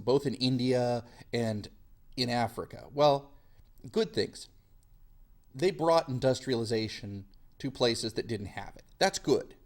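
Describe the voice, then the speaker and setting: A man teaching a history lesson in a casual, lively way, sometimes slipping into quick silly voices. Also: medium pitch. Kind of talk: classroom lecture.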